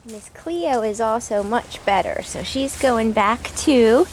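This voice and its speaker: A woman's voice: a little high, lively intonation, slow, slight background noise. A woman vlogging outdoors by a boat, chatting and cooing baby talk to her pet. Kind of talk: casual vlog chat. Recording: vlog with background music.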